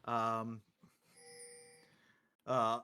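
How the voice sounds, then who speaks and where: A man casting a live esports match with play-by-play commentary that rises loudly on big plays. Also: medium pitch, completely flat delivery, extremely slow, a little hiss or hum. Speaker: esports caster.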